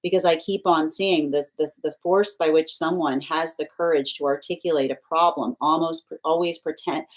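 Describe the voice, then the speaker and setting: Woman doing a live tarot reading, kinda low voice, rambly, keeps circling back. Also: steady tone, normal speed, hardly any pauses. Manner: rambling, circles back with repeated phrases and restarts. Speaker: tarot reader.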